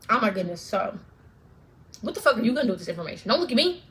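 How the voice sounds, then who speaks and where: A woman's voice: on the high side, animated, very fast, fairly bright tone. A woman vlogger ranting straight to camera, fervent and profane, repeating lines for emphasis. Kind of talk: direct-to-camera rant.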